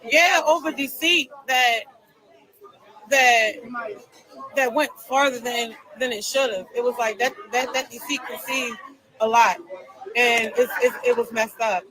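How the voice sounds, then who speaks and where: High, bright-voiced woman talking emphatically. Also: fairly even intonation, a faint crowd, poor audio. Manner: emphatic, repetitive, fast storytelling. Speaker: live-stream speaker. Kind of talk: casual live-stream talk.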